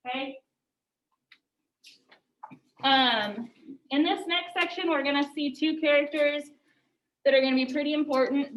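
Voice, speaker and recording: Woman teacher, casual lecturing, high voice, distant muffled classroom audio. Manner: casual, says "like" often. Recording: echoey room, distant mic, muffled.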